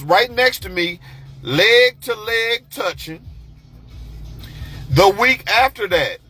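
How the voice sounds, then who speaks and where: A man tells his story in a loose, profane monologue, jumping into the voices of the people involved. His voice sits high and sounds sharp and a little raspy. Soft music plays underneath. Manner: animated, profane, acts out quoted voices. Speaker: podcast host telling a personal story.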